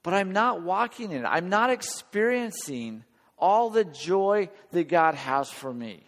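A man's voice: high voice, sing-song, measured pace. A man preaching a sermon in an earnest, conversational way, often checking in with his listeners. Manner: earnest, conversational, questions the audience. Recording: long hall reverb, church hall.

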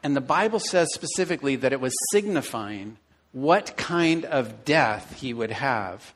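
A middle-aged man preaching a sermon to his church, telling stories with animated, acted-out inner dialogue. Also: mid-range voice, measured pace. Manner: animated storytelling, acting out his own inner voice. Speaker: pastor.

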